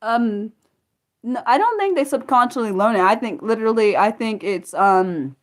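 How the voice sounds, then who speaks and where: A woman hosting a casual unscripted livestream, rambling excitably with lots of quick questions and restarts. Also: a little high. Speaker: livestream host.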